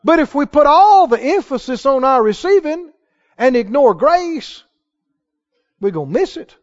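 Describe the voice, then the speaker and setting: A pastor with a very high voice delivers a sermon at an unhurried pace, his pitch swinging in a lively way. He keeps putting questions to his congregation, and the recording sounds dull and lo-fi.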